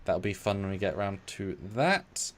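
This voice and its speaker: Lively guy chatting on a live stream, jokey, voice jumps around a lot. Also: sits low, moderate pace, a little hiss or hum. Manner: animated, joking, self-deprecating. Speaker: co-host. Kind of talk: casual live stream chat.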